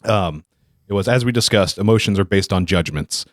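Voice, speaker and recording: A man's voice: deep voice, normal speed, dry recording, studio quality. A man talking in a casual podcast discussion, rambling and correcting himself as he tells stories. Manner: rambling, self-correcting, animated storytelling.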